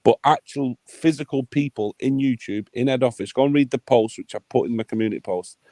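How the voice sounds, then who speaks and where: A man's voice: medium pitch, brisk, warm tone, dry recording. A man hosting a livestream, ranting in a heated, sweary, blunt way. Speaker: livestream host.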